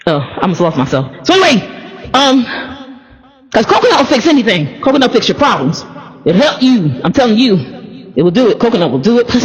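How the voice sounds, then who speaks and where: A woman preaching a sermon and telling a personal story, animated and laughing often as she speaks. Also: on the high side, in a large hall, poor audio. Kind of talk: sermon testimony.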